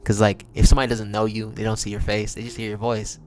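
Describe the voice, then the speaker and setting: Speaking quickly at a fairly low, even pitch, this podcast host and singer talks solo over a slight hiss or hum. His casual monologue is laid-back and chatty, sprinkled with slang and plenty of laughs.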